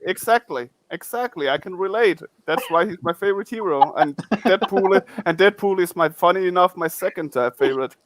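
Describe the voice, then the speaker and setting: A man hosting a casual podcast chat, talking in halting bursts and often repeating words. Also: high voice, no echo. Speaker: podcast host.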